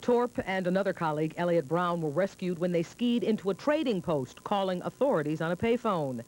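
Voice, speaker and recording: A woman news anchor reading the evening news in a crisp, measured way. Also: on the low side, animated, a little mellow, faint music behind.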